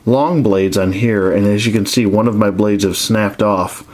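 A man's voice: on the low side, normal speed, darkish tone. A man casually reviewing action figures, rambling with many restarts and frank complaints.

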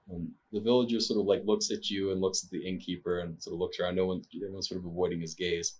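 A man narrating a tabletop game as game master, with a very low, husky voice. He hesitates often and fills his pauses. The recording sounds dull and lo-fi. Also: little pitch movement, darkish tone. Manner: hesitant, many fillers.

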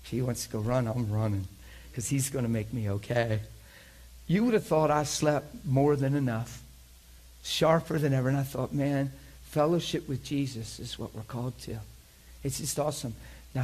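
A middle-aged man preaching, telling a story with lots of laughter and animated energy. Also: mid-range voice, husky. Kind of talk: sermon storytelling.

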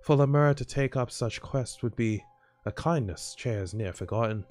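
A man voicing a weary mystical questgiver in a game, speaking quietly with odd formal phrasing and a made-up accent. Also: mid-range voice, moderate pace, soft background music, close to an everyday voice. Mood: pleading.

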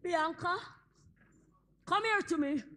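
A woman's voice: very high-pitched, slow pace, full character voice. A fiery older Jamaican mother. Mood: scolding. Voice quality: loud and scolding. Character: strict churchgoing Jamaican mother, married forty years, fiery. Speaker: actor in a comedy stage play.

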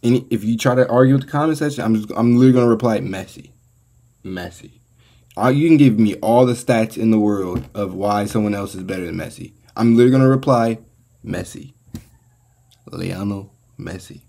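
An American man hosting a reaction video, talking casually and getting excitable as he comments and laughs along. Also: mid-range voice, fast, hardly any pauses. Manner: excitable, laughs and exclaims often.

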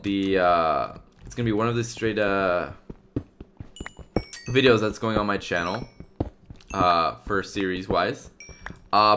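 A man's voice: fairly low pitch, sharp tone, a little hiss or hum. A man giving casual let's-play commentary as a gaming YouTuber, chatty and rambling as he plays. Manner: rambling, chatty, many fillers and restarts.

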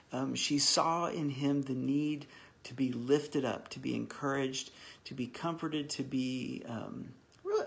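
A man's voice: fairly high pitch, gravelly. A pastor leading a live online Bible study in an earnest, encouraging, heartfelt way, often stopping and restarting his sentences. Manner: halting with frequent restarts.

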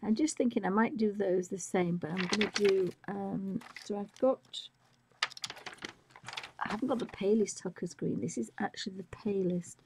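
A woman hosting a live drawing tutorial, talking softly and often half-whispering as she works, her voice a little squeaky and rough. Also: moderate pace, background noise. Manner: soft-spoken, often half-whispered while working. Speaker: art tutorial host.

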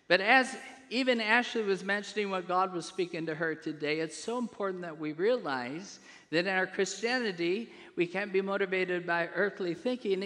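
Bright-voiced preaching pastor, man. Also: sits high. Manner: preaching with call-and-response questions to the congregation; swells louder on key phrases. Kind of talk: sermon. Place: church sanctuary. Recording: long hall reverb.

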